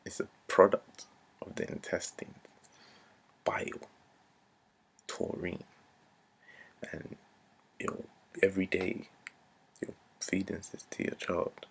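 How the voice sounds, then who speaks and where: A man's voice: sits low, gravelly, slight background noise. A man, ranting earnestly to camera, repeating himself and dropping to a near-whisper at times. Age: 20s. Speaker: vlogger. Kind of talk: unscripted rant to camera.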